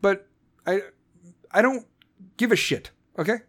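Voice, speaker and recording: A man hosting a podcast, ranting angrily and swearing constantly, with shouted bursts, then reading sponsor ads in the same blunt, profane way. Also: high voice, expressive, a little slow. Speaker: podcast host. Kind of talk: profane political rant and ad read.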